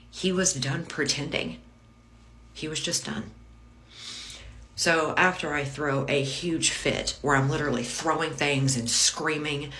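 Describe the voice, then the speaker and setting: A woman's voice: rumbling low, fairly bright tone. A middle-aged woman telling a personal story in a candid, emotional monologue, with restarts and some swearing. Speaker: content creator telling her own story.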